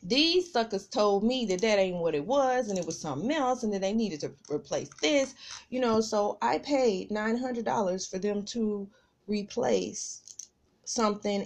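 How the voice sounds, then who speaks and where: A woman hosts a podcast, chatting casually through a personal story and speaking straight to her listeners, calling them "y'all." Her voice is on the low side and a little mellow.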